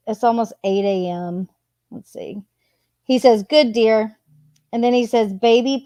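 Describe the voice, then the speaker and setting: A woman hosting her channel, reading text messages aloud in a plain, unhurried way and adding casual asides between them. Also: medium pitch, dark tone, dry recording. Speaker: channel host.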